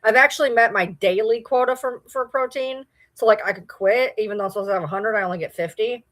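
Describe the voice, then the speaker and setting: A woman's voice: on the high side, fast, a bit bright. Chatty woman with a Michigan accent. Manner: chatty, rambling, reads and answers viewer comments. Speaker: livestream host. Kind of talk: casual livestream chat.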